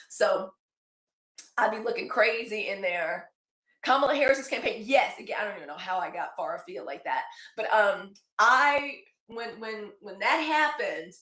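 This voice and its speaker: Chatting casually on her daily live news stream, a woman in her forties wanders off topic and thanks viewers by name. She has a fairly high, bright, forceful voice, and the room sounds echoey.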